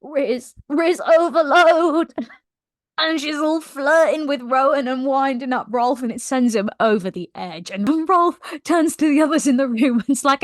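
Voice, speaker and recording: Give me a young woman recapping a novel, excited and slangy, with a fairly high voice and a dry, close sound. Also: measured pace, no echo. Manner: gushing, slangy, laughs often. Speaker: book vlogger. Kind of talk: casual book recap.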